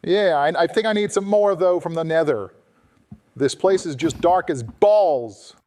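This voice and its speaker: A man's voice: on the high side, a little slow, warm tone, close to an everyday voice. A man putting on an exasperated male politician, sarcastic and swearing while playing a game. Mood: casual. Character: exasperated male politician impression, easily irritated. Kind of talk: comedic gameplay voice impression.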